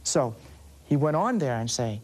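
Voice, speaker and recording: A man with a Southern US accent preaching a Catholic sermon, slowly and deliberately, drawing out key words for emphasis. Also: medium pitch, sing-song, darkish tone, slightly rough. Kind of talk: sermon teaching on scripture.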